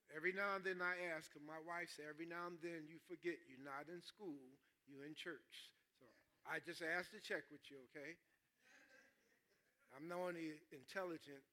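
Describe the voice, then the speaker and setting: A man preaches in church, his tone high and bright. He is animated and joking, and he keeps checking in with the congregation as he teaches from the scripture. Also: normal speed. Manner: animated, jokes with the congregation, calls out "stay with me". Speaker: pastor. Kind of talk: sermon.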